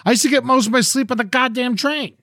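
A young man co-hosting a podcast, chatting casually in a rambling way, swearing often and trailing off quietly. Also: very high voice, fast talker, no room sound, studio quality. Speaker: podcast co-host. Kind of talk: casual chat.

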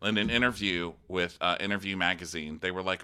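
A man's voice: low-pitched, a little fast, sharp tone, smooth. A man co-hosting a comedic recap podcast, sardonic and profane, laughing through his commentary. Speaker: podcast co-host.

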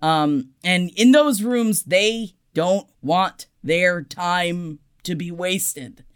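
A woman co-hosting a casual pop-culture podcast. She talks in a chatty, profane way and swings between loud and soft. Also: on the low side, drawn-out words, smooth. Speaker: podcast co-host.

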